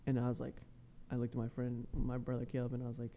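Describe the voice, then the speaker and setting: A man's voice: completely flat delivery, fast, slight background noise. Laid-back young man telling a story. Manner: laughs often, acts out quotes in a higher voice. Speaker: podcast co-host. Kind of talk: casual storytelling. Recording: dull lo-fi sound.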